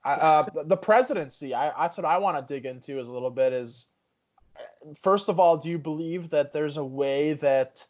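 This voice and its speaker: A man's voice: on the high side, moderate pace, darkish tone, muffled recording. A man co-hosting a podcast, casually raising a topic in a rambling way with many restarts. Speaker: podcast co-host. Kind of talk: casual chat.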